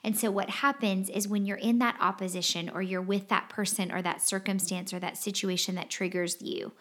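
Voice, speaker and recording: A woman's voice: medium pitch, steady tone, a little fast, fairly bright tone. A woman co-hosting a podcast in casual, heartfelt conversation, earnest and emphatic, often repeating her key phrases. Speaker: podcast co-host.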